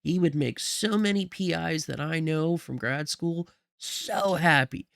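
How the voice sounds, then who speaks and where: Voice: medium pitch, measured pace, creaky, fairly bright tone, no room sound, clean studio sound. A game streamer giving casual let's-play commentary, chatty and joking, with asides to viewers.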